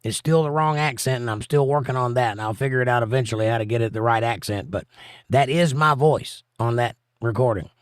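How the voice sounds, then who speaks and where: A man's voice: mid-range voice, a little fast, clean tone, no echo, clean studio sound. A man hosting a casual livestream, reading out viewer comments and answering them in an offhand way. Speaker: show host.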